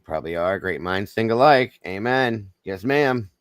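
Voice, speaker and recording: A man with a Southern American drawl hosts a casual livestream and greets his chat by name in a folksy, easygoing way. His voice sits low, and the sound is dry and close to the mic with no room echo. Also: expressive, unhurried, smooth. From Southern United States. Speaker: livestream host.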